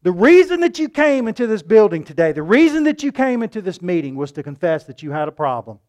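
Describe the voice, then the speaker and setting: A man preaching a sermon with passion, asking the room rhetorical questions and swinging between loud and hushed delivery. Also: sits high, big pitch swings, fast talker.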